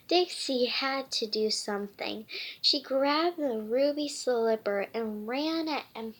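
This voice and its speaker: A woman reading a picture book aloud, halting and often stumbling and restarting. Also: a little high. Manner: halting, with frequent slips and restarts.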